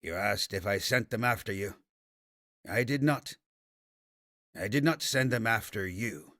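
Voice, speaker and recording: A man's voice: lowish voice, unhurried, bright, forceful tone, no room sound. A scornful, arrogant nobleman's son, voiced by a male narrator from a fantasy audiobook. He talks with sneering contempt. The recording is dry and close-miked.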